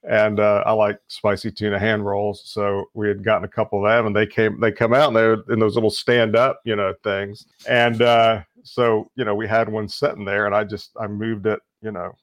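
A man telling stories in a casual podcast chat, rambling and halting, full of fillers. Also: lowish voice, level tone, no room sound. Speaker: podcast co-host.

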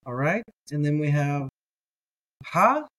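A man teaching a reading lesson, patiently repeating each word slowly for listeners to echo. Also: a little high. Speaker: language teacher.

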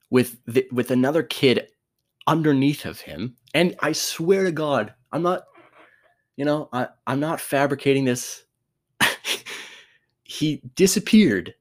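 A man's voice: medium pitch, animated, slow pace, pauses often. A young man telling a sports story casually, laughing often, swearing and restarting his sentences.

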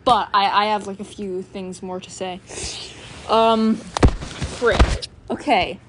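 A woman's voice: medium pitch, steady tone, slow, noisy background. A woman vlogging in a casual, rambling monologue, full of fillers, who repeats sounds aloud to show how they are spoken. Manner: chatty, filler-heavy, sounds out phonetic examples. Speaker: student vlogger.

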